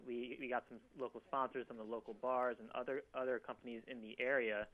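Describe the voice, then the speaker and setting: A man calls a radio show in a flat voice, quick but halting and repeating his words. The line sounds dull and lo-fi. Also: mid-range voice. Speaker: caller. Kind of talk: phone call to a radio show.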